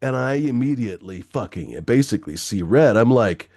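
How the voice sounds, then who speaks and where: A man's voice: mid-range voice, moderate pace, no echo, clean studio sound. A man telling a long personal anecdote in casual chat, swearing freely and full of fillers. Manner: profane, animated anecdote-telling with many fillers.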